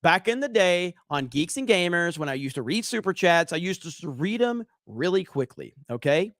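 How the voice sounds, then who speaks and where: A man's voice: high voice, sing-song, normal speed, a bit bright, dry recording, studio quality. A man from Alabama with a Southern accent, hosting a livestream in casual, profane, rambling chat while reading super chats. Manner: profane, rambling, self-mocking. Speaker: livestream host.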